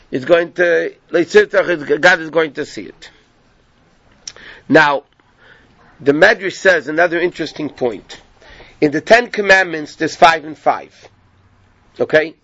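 A man with a fairly high voice teaches a Torah class, retelling a rabbinic story in loose, conversational speech and checking in with his listeners as he goes. The sound is dry and close, with a dull, muffled tone. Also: sharp tone, dry recording. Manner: conversational, asks "yeah?" of listeners.

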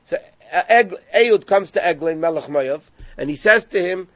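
A man with a high voice teaches a Gemara lesson, retelling the story and translating each Hebrew phrase as he goes. The recording is dry and a bit dull, with no room sound. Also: expressive, normal speed, no room sound. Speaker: Torah teacher.

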